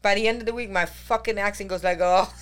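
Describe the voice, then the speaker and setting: A woman's voice: medium pitch, steady tone, fast, background noise. Woman raised in Germany, podcast guest; easygoing talker who laughs and stumbles over words. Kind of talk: casual chat.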